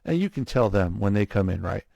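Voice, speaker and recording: A man telling his own story in a casual interview, animated, acting out what others said to him. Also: lowish voice, fairly quick, creaky, no echo, muffled recording. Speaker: guest, cardiac arrest survivor.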